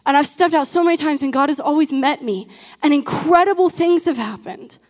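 A woman preaches with a high voice and an earnest, emphatic delivery, often turning questions on her audience. Her words ring out through a large hall with a long echo behind them. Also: a little fast, darkish tone. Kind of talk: sermon.

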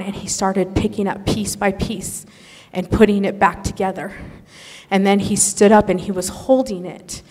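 A woman telling an emotional religious testimony in an earnest, animated storytelling manner. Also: medium pitch. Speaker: speaker sharing a testimony. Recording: echoey hall.

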